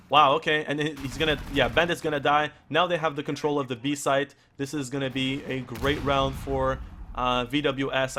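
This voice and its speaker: A man casting a live esports match, hoarse from losing his voice and talking in halting bursts full of restarts and fillers. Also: mid-range voice, a bit bright, a little hiss or hum. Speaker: esports caster. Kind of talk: live play-by-play commentary.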